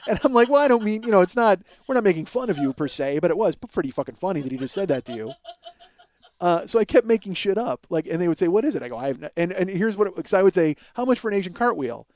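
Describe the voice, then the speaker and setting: A man hosts a podcast and tells a profane comic story, jumping into the voices of the people he quotes. His voice sits a little high for a man. The sound is dry and close, with no room around it. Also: quick pace, dry recording. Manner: profane, animated, acts out quoted dialogue. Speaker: podcast host.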